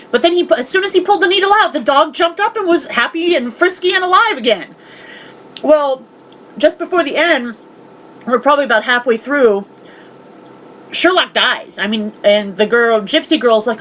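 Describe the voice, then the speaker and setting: A woman's voice: a little high, lively intonation, normal speed, a bit bright, slight background noise, low-quality recording. A woman chatting casually in a home vlog, recapping movies, swearing freely and acting out the characters' lines. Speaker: vlogger.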